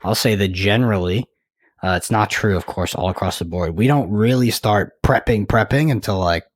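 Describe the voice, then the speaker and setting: A man co-hosting a podcast, talking in a relaxed, joking way and thinking aloud. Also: fairly low pitch, normal speed, no echo, studio quality. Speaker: podcast co-host. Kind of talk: casual podcast chat.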